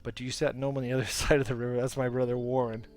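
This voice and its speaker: A man doing a gruff gnome guard. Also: mid-range voice, flat delivery, very fast, soft background music, close to an everyday voice. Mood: grumbling. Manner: loud, blunt and chatty. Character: gruff grumbling male gnome bridge guard.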